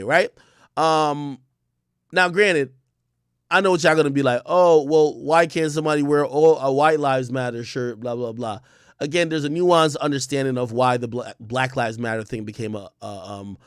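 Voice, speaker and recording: A man's voice: medium pitch, a bit bright, no room sound, studio quality. A man hosting a casual commentary livestream, talking bluntly and emphatically, with plenty of swearing and repetition. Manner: blunt, profane, emphatic, repeats himself. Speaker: livestream host.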